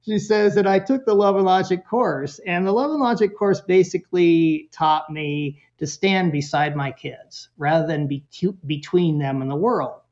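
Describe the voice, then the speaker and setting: Animated storytelling man, muffled sound. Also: high-pitched, normal speed, few pauses. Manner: animated storyteller, acts out quotes, many fillers. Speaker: guest parenting expert. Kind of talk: storytelling in a podcast interview.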